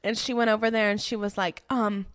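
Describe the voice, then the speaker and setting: A young woman telling a story in casual chat, animated and full of fillers, laughing often as she goes. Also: medium pitch, brisk.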